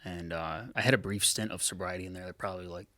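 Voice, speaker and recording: A man with a low, deep voice recounts his past bluntly on a podcast, full of curse words and halting "uh"s. The sound is dry and close, with no room around it. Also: steady tone, pushed and bright, dry recording. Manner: frank, heavy swearing, halting with many fillers. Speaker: podcast guest. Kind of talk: candid personal storytelling. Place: podcast studio.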